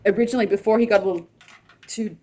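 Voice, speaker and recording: A woman's voice: medium pitch, steady tone, racing, dark tone. A woman improvising a comedy sketch, bossily scolding and lecturing with frequent laughs. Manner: bossy, scolding, laughs a lot.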